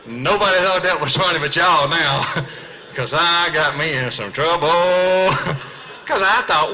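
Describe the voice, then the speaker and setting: A middle-aged man with a Southern US drawl works a live seminar crowd into a stand-up routine. His voice sits slightly high and rings bright and forceful, with a folksy, self-mocking delivery. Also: animated, low-quality recording. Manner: folksy, self-mocking, quick punchlines, acts out dialogue. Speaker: professional bass angler giving a comedy fishing seminar. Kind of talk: stand-up storytelling to a live audience. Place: seminar hall.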